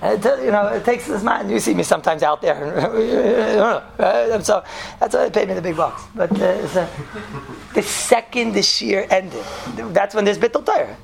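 A man teaching a Torah class as a rabbi, animated and joking, sprinkling his talk with Yiddish and Hebrew terms. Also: sits high, moderate pace, gravelly, a crowd in the background. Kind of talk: lively Torah lecture.

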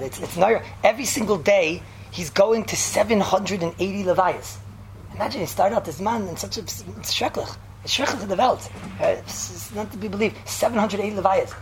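Fast, gravelly woman preaching with inflection. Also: medium pitch, slight background noise. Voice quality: excitable, stammering restarts, repeats phrases. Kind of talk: mock Torah sermon.

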